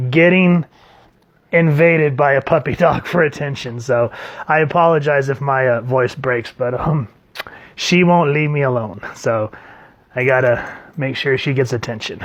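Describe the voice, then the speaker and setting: A man's voice: mid-range voice, lo-fi sound. A man reviewing a comic book in a chatty, enthusiastic way, with lots of filler words and laughter. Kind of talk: casual video review.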